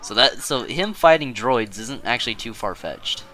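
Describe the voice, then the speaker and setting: A man giving casual gameplay commentary as a streamer, rambling, correcting himself and breaking into quick exclamations. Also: medium pitch, lively intonation, sharp tone, slight background noise. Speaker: gaming streamer.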